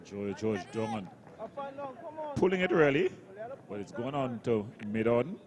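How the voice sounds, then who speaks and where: A man's voice: mid-range voice, big pitch swings, unhurried, a little mellow. Chatty male cricket colour commentator. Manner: chatty, analysing the game.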